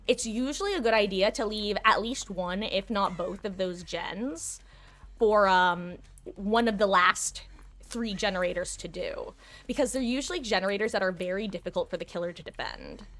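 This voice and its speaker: A woman's voice: medium pitch, normal speed, a bit bright. A woman live-streaming a video game, chatting casually and explaining tactics to her viewers. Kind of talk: casual gameplay commentary.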